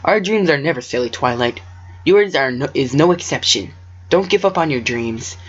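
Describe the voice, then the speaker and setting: A man voicing a gentle, regal female pony princess in a fan story reading. He speaks fondly and formally, and he sometimes trips over the words. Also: medium pitch, lively intonation, normal speed, husky. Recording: dull lo-fi home recording.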